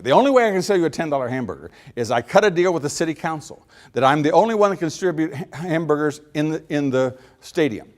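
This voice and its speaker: A middle-aged man giving a folksy speech, telling stories with acted-out dialogue and chuckling at his own jokes. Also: medium pitch. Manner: animated storyteller, acts out little dialogues, laughs at own jokes. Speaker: speaker.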